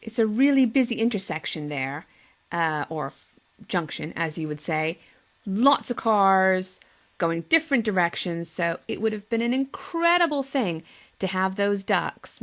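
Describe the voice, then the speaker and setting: A woman's voice: medium pitch, expressive, takes it slowly. A woman teacher with a Boston accent reading a picture book aloud to young children, with playful asides to them.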